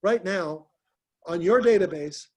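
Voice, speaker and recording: A man's voice: sits high, unhurried, husky. A man hosting a group call, coaching listeners in a direct, encouraging way and often repeating himself. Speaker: host, business coach.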